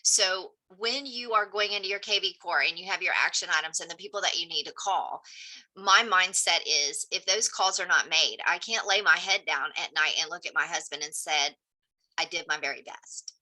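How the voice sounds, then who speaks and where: A woman's voice: fairly low pitch, normal speed, bright, forceful tone, rough recording. A female real estate agent speaking earnestly and emphatically during a casual group video call.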